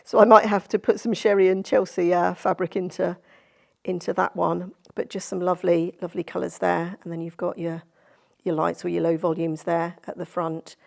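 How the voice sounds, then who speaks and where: A woman's voice: lowish voice, little pitch movement, normal speed, gravelly. A woman presenting a quilting tutorial in a sewing studio, chatty and effusive as she gushes over fabrics. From Cornwall, England. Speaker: sewing instructor.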